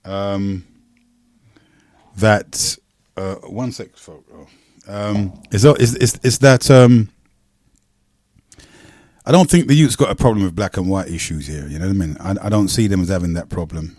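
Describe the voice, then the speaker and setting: A man's voice: fairly low pitch, unhurried, pauses often, darkish tone, no room sound. A man hosting a live community radio talk show, speaking with many fillers and stammered restarts. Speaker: radio host.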